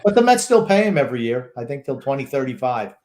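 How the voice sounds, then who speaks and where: A man's voice: mid-range voice, sing-song, quick pace, a little mellow. A man co-hosting a sports podcast, giving blunt, opinionated takes in casual chat. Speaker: podcast co-host.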